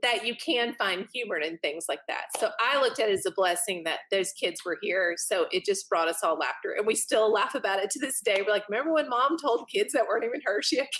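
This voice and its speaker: A woman, a podcast guest telling a story in a lively way and acting out what others said. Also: on the high side. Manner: animated, laughing, acts out quotes. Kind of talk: casual storytelling.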